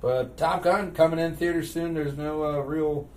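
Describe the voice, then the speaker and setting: Man, podcast host, casual chat, loud laughter, distant mic, faint noise. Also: on the high side, moderate pace. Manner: loud laughing, animated storytelling.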